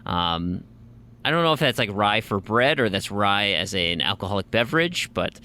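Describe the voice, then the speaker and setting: Animated man telling a story. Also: fairly low pitch, moderate pace. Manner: animated storyteller, acts out quotes. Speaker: podcast co-host. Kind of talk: casual chat.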